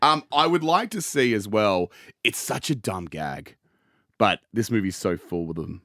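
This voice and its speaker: A man's voice: fairly low pitch, animated, unhurried, fairly bright tone, no echo, studio quality. A man hosting a comedy podcast, joking around, laughing often and acting out bits. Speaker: podcast host.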